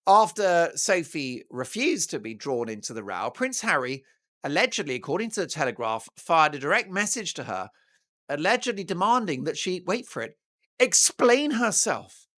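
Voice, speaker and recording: British male talk host, mocking and theatrical, lively swings in pitch, bright voice. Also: normal speed. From Britain. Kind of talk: opinionated news commentary.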